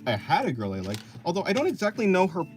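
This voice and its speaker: A man's voice: high-pitched, wildly swooping pitch, fast, soft background music. A man chatting casually on a live stream, answering chat in a rambling, self-correcting, offhand way and laughing often. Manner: offhand, apathetic.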